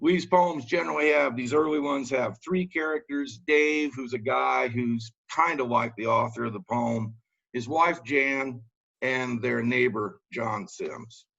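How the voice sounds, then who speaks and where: A man leading a writing workshop, reading poems aloud and talking about them in a relaxed, halting way with many fillers, over a video call. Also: mid-range voice, creaky, highs cut off. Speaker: workshop leader.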